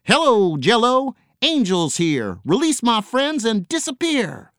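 A man's voice: extremely high pitch, huge pitch swings, slow, fairly bright tone, dry recording, clean studio sound, pitched above the performer's own voice, exaggerated voice. A man voicing a cheerful, bold male pirate who hollers his lines in a hearty, commanding way.

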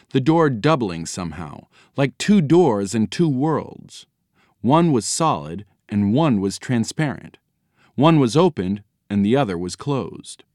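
A male audiobook narrator telling a children's story with playful expression. His pitch rises and falls in a lively way, with a middling voice. The studio sound is close and dry. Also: no room sound. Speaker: audiobook reader. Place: recording studio.

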